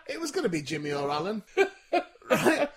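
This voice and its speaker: A man's voice: high voice, sing-song, moderate pace, crowd noise. A man, co-hosting a podcast in casual, bawdy, joking chat and bossing his co-host along.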